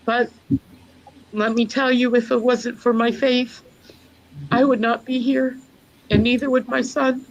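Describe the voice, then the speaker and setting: A woman, a mother, giving a personal testimony in an earnest, storytelling way with many pauses. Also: fairly high pitch, level tone, lo-fi sound. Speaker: guest mother.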